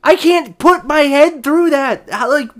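A woman with a slightly higher voice co-hosting a relaxed talk podcast. She reacts bluntly and keeps throwing in crude, joking questions while her co-host tells his story. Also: a little slow. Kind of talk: casual chat.

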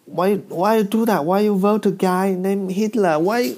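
Comedian as a high, outraged accuser; repetitive, scolding. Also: male voice, measured pace. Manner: shouting complaint, repeating himself. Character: angry adult man scolding Germans.

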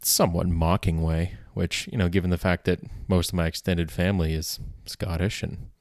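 A man with a very low voice hosting a comedy podcast alone. He rambles loosely, piling up filler words and restarts. The recording is dry and close. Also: flat delivery, moderate pace, a little mellow, no echo. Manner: rambling, heavy on filler words and self-corrections. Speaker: podcast host.

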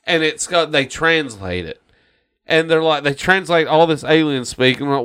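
A man's voice: a little high, normal speed, a bit bright, clear, resonant tone. A man on a casual podcast, ranting about a movie with heavy swearing and mocking quotes. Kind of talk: casual chat.

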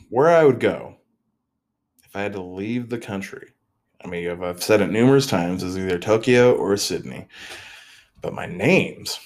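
A young man with a very low, deep voice hosts a casual solo podcast. He rambles freely, jumps between topics and cracks self-deprecating jokes. He often stalls and restarts his sentences, and he sounds a little tired. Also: darkish tone. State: mentally tired. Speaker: podcast host.

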